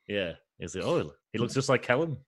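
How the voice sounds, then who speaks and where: A man's voice: mid-range voice, very animated, fairly quick. Man riffing jokes in casual podcast chat. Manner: joking, riffing on the other host's stories. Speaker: podcast co-host.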